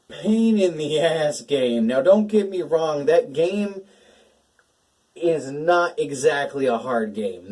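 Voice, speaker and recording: A man's voice: mid-range voice, warm tone, far from the mic, rough recording. A young man hosting a casual gaming talk, emotional and swearing, laughing between his words. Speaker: gaming channel host.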